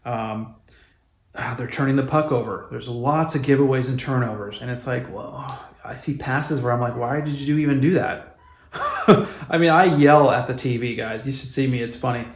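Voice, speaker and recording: Exasperated hockey fan ranting, echoey room. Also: male voice, mid-range voice, moderate pace. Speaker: hockey vlogger. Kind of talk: opinionated sports commentary vlog.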